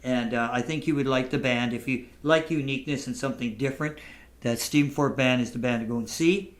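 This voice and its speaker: A man hosting a podcast, talking in a halting, casual way with frequent restarts and laughter, telling stories to his guest. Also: medium pitch, reverberant. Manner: halting, repeats words, laughs often. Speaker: podcast host. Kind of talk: casual interview chat and storytelling.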